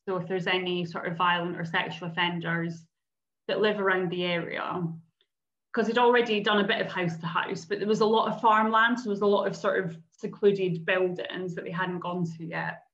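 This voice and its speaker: A woman co-hosting a podcast recounts a case in casual true-crime chat, speaking at a medium pitch and moderate pace. She's an animated storyteller who acts out quotes as she goes. The sound is slightly dull and lo-fi.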